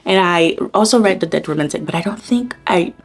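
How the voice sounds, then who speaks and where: A woman in her twenties chatting casually to camera as a book vlogger, rambling with lots of "like" fillers and gushing excitement, at home. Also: fairly low pitch, a little fast, faint music behind. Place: at home, under a blanket.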